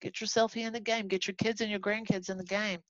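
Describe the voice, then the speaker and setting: A woman from Texas teaching a casual Bible lesson to a class, animated and chatty, acting out the people in the story as she goes. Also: mid-range voice, brisk, no echo. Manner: animated, acts out quoted voices, chatty asides. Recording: dull lo-fi recording.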